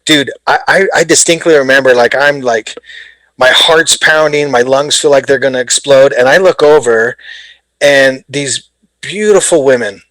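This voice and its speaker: Man, 40s, from Canada, interview guest. Mid-pitched, lively storyteller who acts out dialogue. Dry, close sound. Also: moderate pace, no room sound, rough recording. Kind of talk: casual storytelling.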